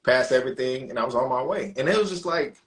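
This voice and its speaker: A man telling a story on a podcast in a casual, animated way, swearing freely and acting out the people he quotes. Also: medium pitch, fast talker. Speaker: podcast co-host.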